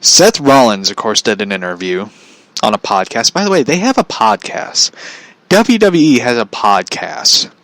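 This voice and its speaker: A man's voice: medium pitch, very animated, normal speed, a bit bright, no echo, poor audio. Dude venting on his vlog, cusses a lot, laughs at himself, mid voice, dead dry sound. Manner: blunt, profane, laughs often. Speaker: vlogger. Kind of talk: casual ranting commentary.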